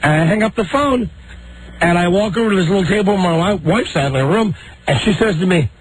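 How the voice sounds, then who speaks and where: Animated man telling an exasperated story. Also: high-pitched, fairly quick, a little hiss or hum, poor audio. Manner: exasperated, acts out quoted people in the story. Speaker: radio show host. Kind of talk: animated storytelling on talk radio.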